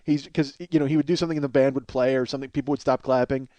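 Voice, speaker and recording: A man's voice: mid-range voice, steady tone, rapid-fire, dark tone, no room sound. A man in his forties hosting a comedy podcast, rambling through absurd running bits and laughing at his own jokes. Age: 40s.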